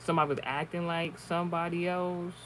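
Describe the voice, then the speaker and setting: Man streamer, fairly high voice, casual rambling storytelling, heavy swearing, faint background noise. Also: little pitch movement, a little fast, a bit bright, low-quality recording. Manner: rambling, profane, many restarts. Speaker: online streamer. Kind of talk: casual storytelling and card reading.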